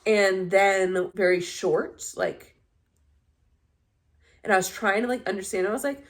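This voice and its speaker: A woman's voice: mid-range voice, fairly even intonation, moderate pace, creaky. A young adult woman chatting casually on her vlog, telling dating stories in a candid, blunt way and swearing freely. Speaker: vlogger. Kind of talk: casual chat.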